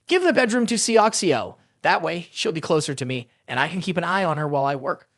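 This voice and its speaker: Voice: medium pitch, very animated, a little fast, no echo, clean studio sound, pitched below the performer's own voice. A narrator doing a cold rich villain. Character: arrogant rich young male villain, cold and quick-tempered.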